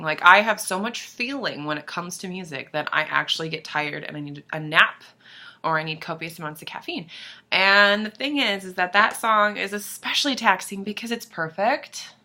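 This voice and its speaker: A young woman talks to her camera in a loose, gushing vlog, her voice bright and forceful though pitched a little low. She swears freely, drops to sudden whispers and breaks into squeals when she gets worked up. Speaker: vlogger. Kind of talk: casual chat to camera.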